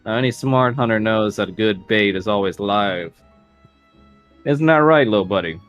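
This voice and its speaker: A man's voice: fairly low pitch, moderate pace, a bit bright, close to an everyday voice. A man voicing a cocky, cigar-smoking orc hunter who drawls teasing lines, over faint music. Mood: smug teasing.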